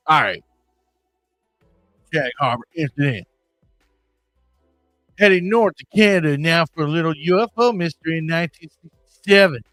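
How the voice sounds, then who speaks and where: A man's voice: on the high side, fairly bright tone, no room sound. Rambling, crude-joking male podcaster. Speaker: podcast host. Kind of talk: casual podcast chat.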